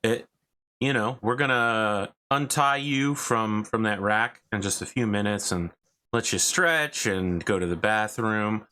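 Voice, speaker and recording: A man's voice: on the low side, measured pace, bright, forceful tone, a little hiss or hum. A man voicing a courteous, businesslike masked woman who holds a captive for questioning, speaking in a matter-of-fact, reassuring way. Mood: polite. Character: polite masked woman interrogator, businesslike contractor.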